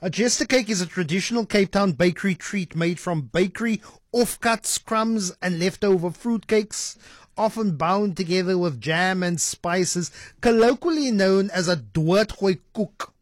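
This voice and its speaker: A man hosting a radio talk show in a lively, animated way. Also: sits high, measured pace, no echo, studio quality. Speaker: radio host. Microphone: studio mic.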